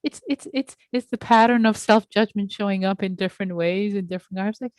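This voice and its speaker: A woman meditation teacher speaking gently and reassuringly to a group on a video call, slow and sometimes breathy. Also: medium pitch, no room sound. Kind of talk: gentle dharma talk to a Zoom group. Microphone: computer mic on a video call.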